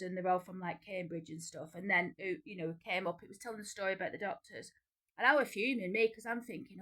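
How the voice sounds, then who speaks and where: A woman in her forties with a Northern English accent, chatting casually to camera in a rambling, animated way. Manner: chatty, rambling, many restarts and repeats; animated, pitch jumping up when excited. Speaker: vlogger.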